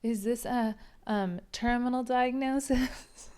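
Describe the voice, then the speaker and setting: Small, wisecracking heroine, read by a woman; bright, quippy, smooth-voiced. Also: a little high, fairly even intonation, slow, voice pushed up. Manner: quippy, wry.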